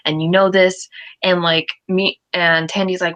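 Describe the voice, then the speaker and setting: A young woman with a lower voice chats through a TV episode recap. She is blunt and swears freely, and she voices the characters' lines as she tells the story. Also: flat delivery, unhurried, fairly bright tone. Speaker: podcast co-host. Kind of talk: casual TV recap chat.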